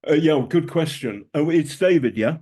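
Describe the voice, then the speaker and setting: A man's voice: on the high side, animated, normal speed, warm tone, husky. A British man speaking as a guest journalist to students over a video call, telling stories emphatically with dry humor and frequent ums. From Britain.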